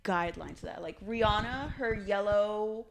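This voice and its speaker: A young woman guest in a casual chat with a friend, laughing often and quick to agree. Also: medium pitch, creaky, a little hiss or hum.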